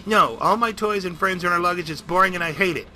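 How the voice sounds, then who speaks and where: A man's voice: high voice, quick pace, sharp tone. A man voicing a bored, cheeky little girl. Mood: sassy. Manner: whiny, sassy.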